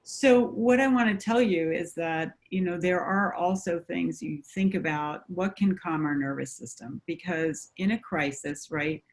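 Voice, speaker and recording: A woman counselor talking through coping ideas in a conversation. She explains in a measured way, with frequent fillers. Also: lowish voice. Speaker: mental health counselor.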